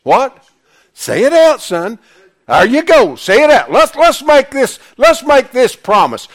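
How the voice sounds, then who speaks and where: A man's voice: very high-pitched, wildly swooping pitch, unhurried. A man preaching a sermon, emphatic, firing questions at the congregation. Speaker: pastor.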